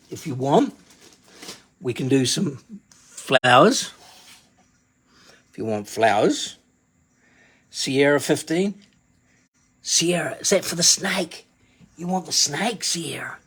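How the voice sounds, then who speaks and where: Husky woman selling on a livestream. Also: deep voice, expressive, slow pace, long pauses. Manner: chatty, rambling, addresses viewers by name. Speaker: crystal seller on a live stream. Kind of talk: casual live-stream selling.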